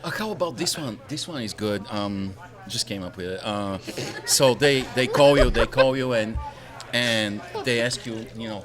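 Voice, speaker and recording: A man on a podcast panel, an animated storyteller who jokes and laughs often in casual chat. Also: on the low side, normal speed, a crowd in the background.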